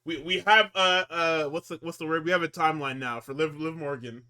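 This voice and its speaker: Crowd noise sits behind a man with a slightly high voice, fairly even intonation, and a fairly quick pace. As a podcast co-host, he casually recaps wrestling shows, rambling, cursing constantly, and stumbling before restarting.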